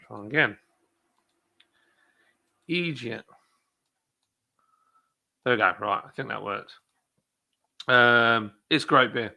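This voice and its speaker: A man hosts a relaxed live chat, talking loosely and joking at his own expense while he greets viewers. His voice has a gravelly edge with a bright, forward tone. He rambles through his points with plenty of ums and half-finished sentences. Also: mid-range voice, slow pace, long pauses. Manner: chatty, self-deprecating, rambling with many fillers. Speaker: brewery livestream host. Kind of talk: casual live chat reading comments.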